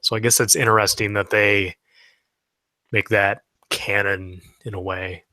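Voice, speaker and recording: A man with a lowish voice asks relaxed, curious questions in a casual podcast conversation. He nudges things along with short replies. The recording is close and dry. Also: measured pace, dry recording. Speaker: podcast co-host asking questions. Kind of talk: casual interview chat.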